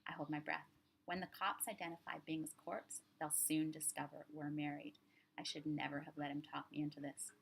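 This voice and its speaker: A woman author reading her own crime story aloud in measured, low-key narration. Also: flat delivery, gravelly, a little hiss or hum.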